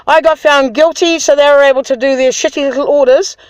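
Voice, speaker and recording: Indignant high-voiced woman ranting. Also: fairly even intonation, fairly quick, no room sound, dull audio. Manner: aggrieved, indignant, swears freely. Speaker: vlogger. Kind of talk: angry personal rant to camera.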